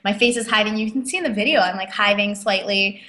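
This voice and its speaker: A woman telling stories as an interview guest, lively and quick with lots of fillers. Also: medium pitch. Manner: animated, quick, many fillers and acted quotes. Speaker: guest, author and speaker. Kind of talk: casual interview storytelling. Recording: echoey room.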